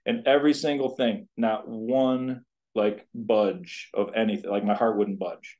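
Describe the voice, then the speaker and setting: A man in his fifties with a somewhat low voice recounts a personal story for a podcast interview. He talks as a college tennis coach, earnestly and loosely, wandering through many asides as he goes. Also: steady tone, measured pace, a little mellow. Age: 50s.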